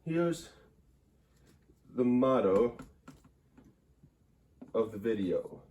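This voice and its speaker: A man's voice: medium pitch, animated, very slow, darkish tone. A man giving a comedic grammar lesson at a whiteboard indoors, rambling and wry in a mock-serious way.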